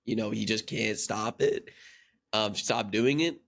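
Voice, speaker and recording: A man's voice: on the low side, measured pace, gravelly, a bit bright. An American man co-hosting a casual podcast, telling a rambling story with lots of fillers. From United States. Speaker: podcast co-host.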